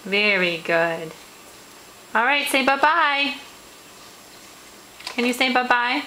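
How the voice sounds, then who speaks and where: Bright slow coaxing mother. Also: fairly high pitch, expressive, slight background noise, poor audio. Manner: coaxing, slow and encouraging, with repeated praise. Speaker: mother filming her toddler. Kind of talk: home video talking to a small child.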